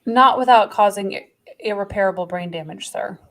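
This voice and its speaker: A woman reading the part of a calm female base doctor in a measured, explanatory way during a podcast read-through. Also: mid-range voice, lightly acted. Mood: clinical.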